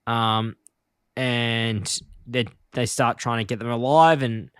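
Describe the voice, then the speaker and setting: A man's voice: mid-range voice, fairly even intonation, slow pace, a bit bright, clean tone, no room sound, studio quality. A man co-hosting a podcast in casual chat, retelling episode plots in a rambling way with many fillers. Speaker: podcast co-host.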